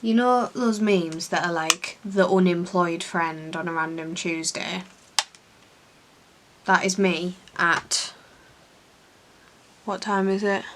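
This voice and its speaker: A woman's voice: fairly low pitch, slight background noise. A young English woman vlogging at home, chatting casually and self-deprecatingly while doing her makeup. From England. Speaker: beauty vlogger.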